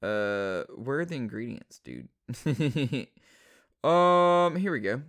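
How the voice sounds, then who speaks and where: A man's voice: mid-range voice, sing-song, slow, a bit bright. A man ranting casually in a rambling, profane and sarcastic way, full of fillers. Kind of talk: casual unscripted rant.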